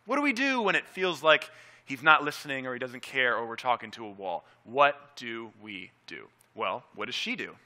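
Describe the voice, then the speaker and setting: A man's voice: mid-range voice, bright, forceful tone. A man preaching a teaching sermon, earnest and emphatic, repeating key phrases and asking his listeners questions. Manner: earnest, asks the audience questions. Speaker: pastor.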